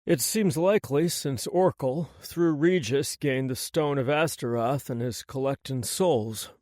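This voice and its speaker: A man's voice: mid-range voice, measured pace, darkish tone, no echo, clean studio sound, natural voice. A male audiobook narrator voicing a confident demon hunter, firm and matter-of-fact. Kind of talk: audiobook character voice.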